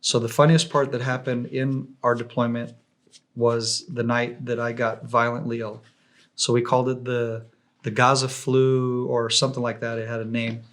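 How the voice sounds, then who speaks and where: A man, a podcast guest telling a war story in a lively, conversational way, often restarting and repeating words. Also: mid-range voice, normal speed.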